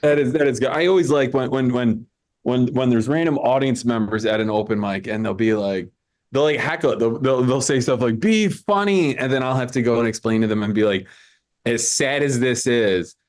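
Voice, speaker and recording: A man's voice: medium pitch, a little mellow. A man hosting an online comedy show over a video call, chatting loosely with many stammered restarts. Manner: rambling, stammering restarts, quick asides. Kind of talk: casual live-stream banter. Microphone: video call mic.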